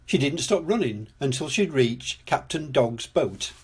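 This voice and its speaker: An older man reading a children's storybook aloud, gently and expressively, as storyteller. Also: mid-range voice, lively intonation, unhurried, husky.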